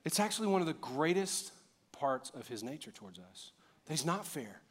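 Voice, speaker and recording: A pastor in his thirties preaching a sermon, animated and jokey, rising to loud emphatic peaks. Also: a little high, normal speed, husky.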